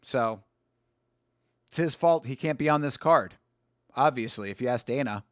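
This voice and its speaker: A man's voice: medium pitch, moderate pace, dry recording, clean studio sound. A young man hosting a live fight watch-along stream, chatting casually, swearing and greeting viewers by name.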